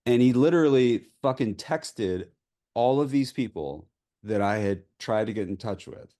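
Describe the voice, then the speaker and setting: A man, a filmmaker guest telling a candid story at a Q&A in an animated, profane way. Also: medium pitch, moderate pace. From US Pacific Northwest. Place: post-screening Q&A.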